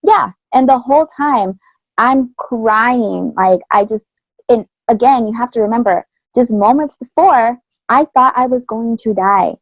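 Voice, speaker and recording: A woman with a gravelly edge to her mid-range voice recounts a personal story in a podcast chat, speaking candidly and earnestly with blunt slang. The recording is dry and slightly dull, with a lo-fi feel. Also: on the high side, measured pace, no echo. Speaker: podcast co-host.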